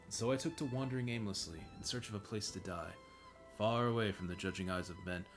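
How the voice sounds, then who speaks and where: A man's voice: lowish voice, quick pace, over music, natural voice. A man reading the lines of a remorseful older male bard in formal, old-fashioned speech. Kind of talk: reading game dialogue aloud.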